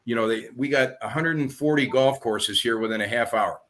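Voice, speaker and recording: Real estate agent guest, a man at middle pitch who tells his methods as stories and acts out his calls. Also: a little fast. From southern United States. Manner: animated storyteller acting out phone calls. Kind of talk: explaining sales methods in a podcast talk.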